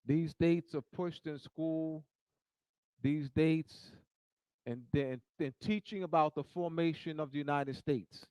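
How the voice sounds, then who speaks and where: Slow, emphatic man teaching. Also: clean tone, no echo, low-quality recording. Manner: repetitive and emphatic, repeating phrases for stress; grows louder and higher toward the end. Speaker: speaker. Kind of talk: teaching talk.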